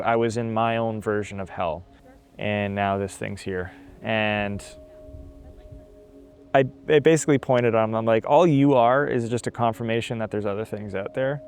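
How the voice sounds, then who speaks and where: A young man telling a personal testimony in a halting way, with many fillers and repeated words, over faint background music. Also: on the low side, creaky. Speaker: testimony guest.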